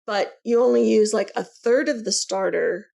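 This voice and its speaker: A middle-aged woman with a gravelly, creaky edge, chatting on a podcast. She rambles along in easy, everyday talk, trailing off and picking the thread back up. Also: medium pitch, normal speed, darkish tone. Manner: chatty, rambling, laughs easily. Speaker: co-host. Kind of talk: casual podcast chat.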